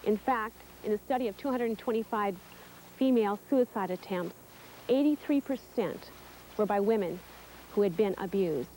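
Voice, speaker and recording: A woman reading scripted documentary narration in a measured, even way. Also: mid-range voice, a little hiss or hum, poor audio.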